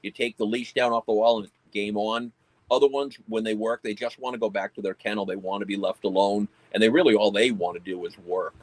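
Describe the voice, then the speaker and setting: A man's voice: on the low side, steady tone, a little fast, no room sound, low-quality recording. A man who owns a pest control company, explaining his dog-handling work in a plain, matter-of-fact way during an interview. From United States. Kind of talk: casual conversational interview.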